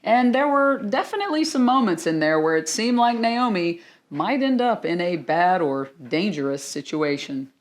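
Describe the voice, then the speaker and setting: A woman playing a lively, expressive co-reporter. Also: on the low side, normal speed. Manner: conversational, mock-newscast delivery. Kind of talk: church skit for children.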